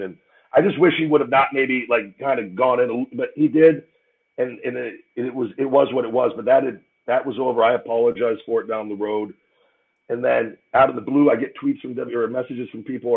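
A man's voice: medium pitch, brisk, vocal fry. Blunt, profane man on a tinny phone line. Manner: blunt and profane, many repeated restarts. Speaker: interview guest. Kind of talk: heated live interview.

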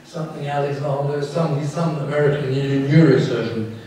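A man's voice: a little high, fairly even intonation, a little fast, warm tone, a little hiss or hum. An older English neurosurgeon in his sixties giving a candid, wry public talk in a lecture hall. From England. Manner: wry, candid, self-deprecating asides. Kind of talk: public talk with audience questions. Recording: echoey hall from far off.

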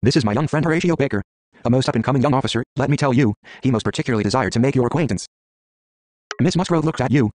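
A man's voice: mid-range voice, very fast, a little mellow, dry recording. A man reading an interactive story game aloud, stumbling, restarting, and muttering menu words between lines.

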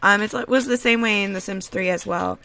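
A woman's voice: medium pitch, fairly quick, a little hiss or hum. A woman doing casual game commentary from home, gushing and exclaiming over and over, rambling with fillers into a desk microphone. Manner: gushing and excitable, repeated exclamations. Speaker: gaming video creator. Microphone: desk USB microphone.

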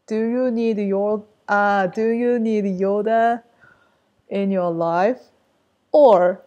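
Slow, mellow-voiced woman teaching. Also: medium pitch, fairly even intonation, dull audio. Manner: repeats phrases, explains step by step. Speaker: language teacher. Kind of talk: casual language lesson.

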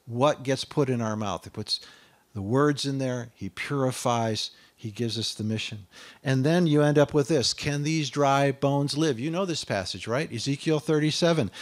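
A man preaching a sermon, reading scripture aloud and stopping to ask his listeners whether they follow, often rising to loud declamation on the quoted verses. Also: mid-range voice, normal speed. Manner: conversational asides asking the listener.

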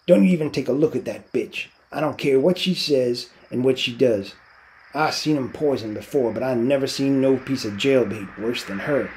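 A man's voice: mid-range voice, normal speed, creaky, dark tone, natural voice, poor audio. A man voicing a tough, brusque itinerant ranch worker who talks bluntly, reading a novel aloud. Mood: gruff. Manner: blunt, clipped.

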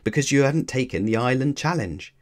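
A stern older teenage boy speaks in a measured, serious way in a children's storybook, as a man reads him. The voice is low and steady. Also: clean tone, close to an everyday voice.

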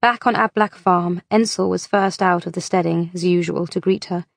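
A woman narrating an audiobook in a measured, unhurried reading voice on a close mic. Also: fairly low pitch, steady tone, vocal fry, no room sound.

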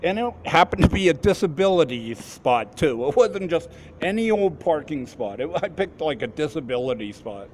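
A man in his fifties telling a personal story in a halting way, often restarting and repeating his words. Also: a little high, very animated, darkish tone, slight background noise. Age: 50s. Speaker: formerly homeless man recounting an experience.

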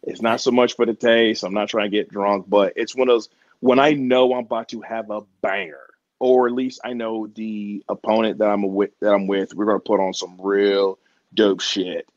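A man's voice: on the low side, level tone, moderate pace, no echo, highs cut off. A man being interviewed as a wrestler, talking in a laid-back, slangy way and laughing often. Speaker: wrestler guest. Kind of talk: casual interview chat.

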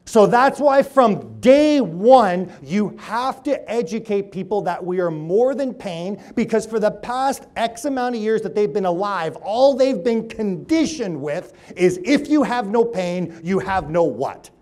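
A chiropractor with a slightly raised pitch speaks to a seminar audience in a room, telling stories with animated energy and acting out the characters and quoted people. His volume swings between emphatic loud peaks and quiet, drawn-out, hushed points.

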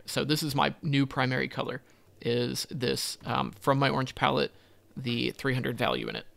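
A man's voice: mid-range voice, gravelly, a bit bright. A man teaching a coding tutorial, thinking aloud as he types, with frequent ums and self-corrections. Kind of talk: screen-recorded coding walkthrough.

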